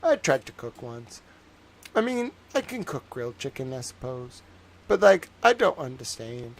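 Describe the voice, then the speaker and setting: A man's voice: mid-range voice, sing-song, normal speed, creaky. Young boston guy rambling on his stream, jokey, lots of likes and ums, medium voice. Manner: rambling, joking, lots of fillers. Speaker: livestream host. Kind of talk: casual livestream chat.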